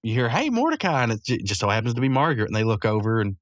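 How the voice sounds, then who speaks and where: A man's voice: on the low side, steady tone, very fast, dry recording, studio quality. A man recapping a cartoon episode in a rambling, casual way, chuckling often and full of fillers. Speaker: podcast host.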